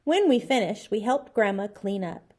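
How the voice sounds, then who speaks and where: A woman teacher reading a children's chapter book aloud with expressive storybook delivery. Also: medium pitch, normal speed.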